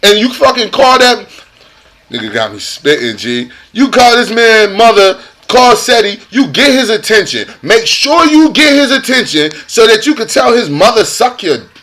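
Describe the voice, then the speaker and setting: A man's voice: high-pitched, big pitch swings, normal speed, bright, forceful tone, a little hiss or hum. A man delivering a heated, profane rant as a vlogger, repeating himself for emphasis. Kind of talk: angry rant to camera.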